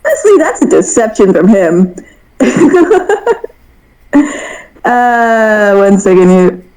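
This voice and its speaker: Mellow-voiced, giggly woman player. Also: medium pitch, lively intonation, slow, rough recording. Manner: giggly, chatty. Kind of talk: tabletop game play.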